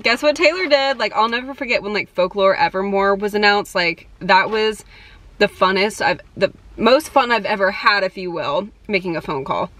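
A woman's voice: mid-range voice, moderate pace, sharp tone. Bubbly young woman vlogging. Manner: bubbly and gushing, frequent "like" fillers. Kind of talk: casual vlog chat. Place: at home, in a car and in stores.

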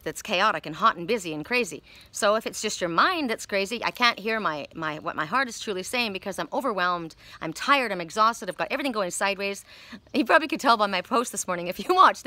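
A woman's voice: mid-range voice, sharp tone, no echo. A woman giving a casual spiritual card reading outdoors, talking in a rambling, candid, chatty way. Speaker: oracle card reader.

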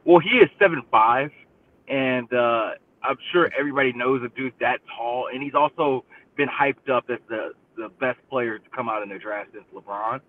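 A man, a football reporter guest, giving measured, analytical takes as he calls in to a radio show. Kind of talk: call-in sports analysis. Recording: distant phone line with rumble.

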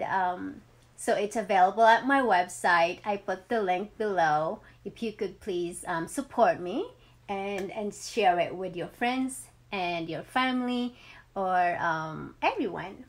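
Slow-talking woman, heartfelt vlog. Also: medium pitch. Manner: heartfelt, with many fillers. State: emotional, near tears. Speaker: vlogger. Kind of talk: personal vlog.

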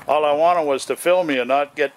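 A man's voice: a little high, a little hiss or hum. A man filming his puppies, talking to them in a raised, coaxing voice. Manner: talks to the dogs in a raised, coaxing voice. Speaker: dog owner filming puppies. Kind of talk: casual talk to puppies while filming.

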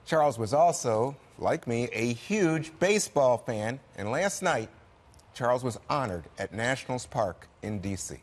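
A man's voice: medium pitch, animated, measured pace. Guy running a tv panel, chatty, handing off to others, mid voice. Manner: conversational, passes questions to others. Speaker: co-host leading the panel. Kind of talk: panel talk show chat.

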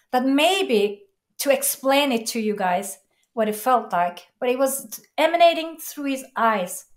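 A woman guest with a high voice opens up in an interview about something personal. She speaks with emotion and sincerity, though her words come in fits and starts.

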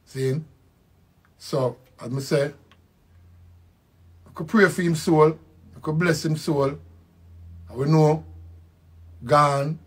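An older man with a Jamaican accent giving a slow, reflective spoken tribute, repeating his phrases. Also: fairly high pitch, fairly even intonation, husky. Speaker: musician.

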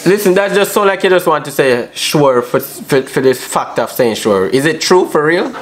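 A man's voice: on the high side, animated, normal speed. A man, a vlogger teasing strangers on a video chat app with brash, slangy banter. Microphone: phone on a video call app. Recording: noisy phone recording.

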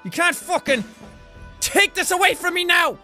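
A young Irish man giving energetic let's-play commentary, swearing constantly and yelping and cheering at the game. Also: extremely high pitch, normal speed, soft background music. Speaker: gaming YouTuber.

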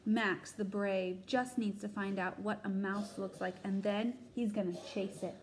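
A woman's voice: mid-range voice, noisy background. A woman teacher reading a picture book aloud to children over a video call, asking them questions as she goes. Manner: slow, animated storytelling with questions to listeners.

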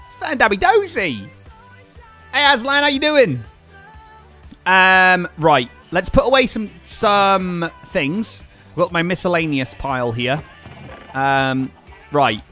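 Young guy streamer, high lively voice, excitable and chatty, faint music behind. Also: measured pace, pauses often. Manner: excitable, chatty, thanks donors aloud. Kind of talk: casual live-stream chat while gaming.

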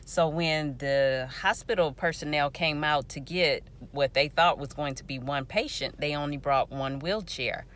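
A woman in her forties telling a personal story to her viewers in an animated, lively way. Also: low voice, a little slow, hardly any pauses, a little hiss or hum. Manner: animated, lively storytelling with playful quoted voices. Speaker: vlogger remembering a friend.

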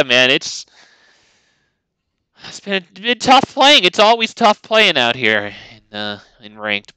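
Male streamer, casual gameplay commentary, sarcastic and joking, very bright crisp voice, dry close sound. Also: on the low side, dry recording, rough recording. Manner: joking, sarcastic, rambling with chat. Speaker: game streamer.

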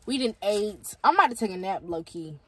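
A young woman filming a casual selfie vlog on her phone from inside a car, chatty and excitable, sometimes hollering. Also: medium pitch, brisk, slightly rough, no echo, poor audio. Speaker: vlogger. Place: inside a car on a road trip. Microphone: phone held at arm's length.

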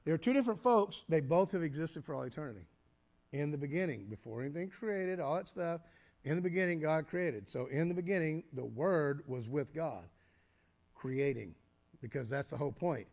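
A man's voice: a little high, expressive, vocal fry, darkish tone. Man teaching a sermon. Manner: explanatory, halting with fillers and restarts. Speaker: pastor.

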